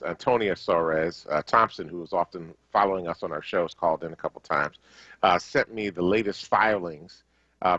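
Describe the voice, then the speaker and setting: A man hosting a talk radio show, talking in a halting way with many fillers and restarts. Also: low-pitched, fairly bright tone, no room sound. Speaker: radio host. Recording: dull lo-fi radio stream.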